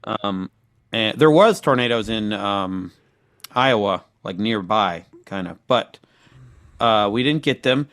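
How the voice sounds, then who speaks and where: A man co-hosting a comedy podcast, talking casually in a halting, deadpan way full of ums and restarts. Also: fairly low pitch, no room sound, clean studio sound. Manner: hesitant, halting, filler-heavy and deadpan. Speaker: podcast co-host.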